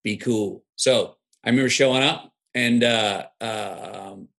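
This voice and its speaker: A man's voice: on the low side, measured pace, gravelly, a bit bright. A man telling stories in an interview, reflective and drawling, acting out the people he quotes. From Texas. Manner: drawling, reflective storyteller who acts out quoted voices. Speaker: guest. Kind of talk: storytelling interview.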